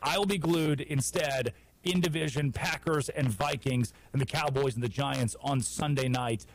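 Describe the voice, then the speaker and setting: A man from the United States hosting a sports radio show, talking football in a wry, opinionated way with quick asides. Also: medium pitch, rough recording. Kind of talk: casual sports talk.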